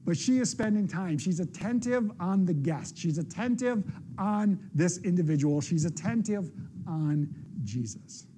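A man's voice: high-pitched, animated, measured pace, warm tone, husky. A male pastor preaching a sermon in a conversational, explanatory way.

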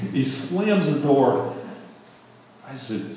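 A middle-aged male pastor telling a story in a sermon, in a conversational, animated way, correcting himself as he goes. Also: on the high side, slow, long pauses, a little hiss or hum. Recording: very echoey hall, speaker far from mic.

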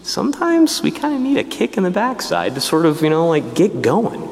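A priest tells his own vocation story in a lively, casual manner, with asides to the listeners. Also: high voice, moderate pace, long reverb tail. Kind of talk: personal testimony talk.

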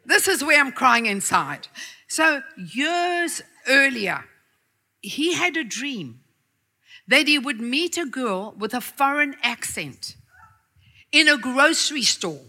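A middle-aged woman preacher tells a personal story to her church in a high, very bright voice. She chats warmly, laughs often and mocks herself in asides. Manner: chatty and laughing, self-mocking asides. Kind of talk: storytelling sermon.

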